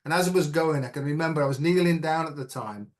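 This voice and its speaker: Middle-aged male guest, earnest and reflective, voice sitting a bit high, keeps asking "right?". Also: fast talker. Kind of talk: personal story in an interview.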